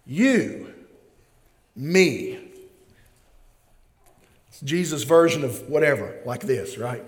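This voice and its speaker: A man preaching a sermon as pastor, slow and emphatic, building in intensity. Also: mid-range voice. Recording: long reverb of a large hall.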